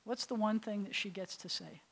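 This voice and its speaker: A woman's voice: mid-range voice, fairly even intonation, brisk, poor audio. Rabbi teaching a class, storytelling woman. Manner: storytelling, asks the class questions. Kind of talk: classroom lecture to adult learners. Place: synagogue classroom.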